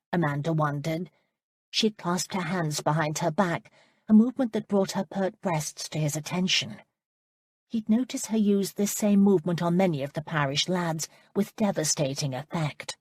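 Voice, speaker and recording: A woman narrating a historical romance audiobook in a calm, measured way. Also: on the low side, breathy edge, dry recording, clean studio sound.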